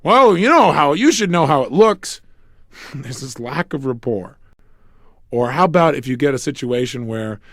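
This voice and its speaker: A man giving a motivational seminar on relationships, talking in an animated way and acting out couples' arguments with joking asides. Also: mid-range voice, no room sound, studio quality. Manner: animated, acts out quarrels between couples. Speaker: self-help speaker.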